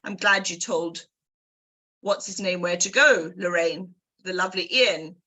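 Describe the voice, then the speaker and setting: A woman hosting a book club, giving an energetic motivational talk straight to her listeners. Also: on the low side, a little slow. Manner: energetic, addresses listeners directly.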